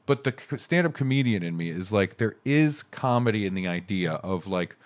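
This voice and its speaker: Lively jokey man co-hosting a podcast. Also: fairly low pitch, moderate pace. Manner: animated, jokey, breaks into silly voices. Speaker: podcast co-host. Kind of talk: casual chat.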